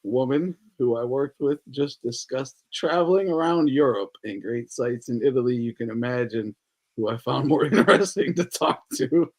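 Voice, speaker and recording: This man's mid-range voice is a little mellow and animated, moving at a moderate pace. Hosting a casual podcast, he talks loosely, curses freely, and laughs frequently.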